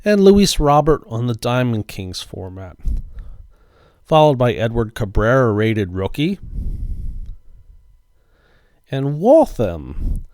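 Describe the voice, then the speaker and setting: A man narrating a pack-opening voice-over in a slow, deliberate commentary. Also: medium pitch, very animated, a little mellow, no echo, clean studio sound. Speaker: card collecting channel host. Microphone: voice-over recorded after the footage.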